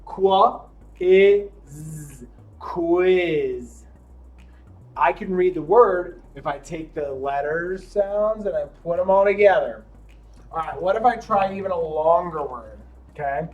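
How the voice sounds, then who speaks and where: A man teaching young children to read, encouraging them as he sounds out letters slowly and deliberately. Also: fairly high pitch, a little mellow, dull audio. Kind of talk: classroom lesson for young children.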